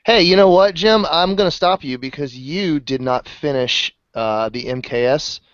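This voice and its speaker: A man's voice: on the high side, moderate pace, clear, resonant tone, no echo. Male co-host, playful ribbing with frequent laughs; dull, dry lo-fi sound. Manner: teasing, laughs often. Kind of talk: casual chat.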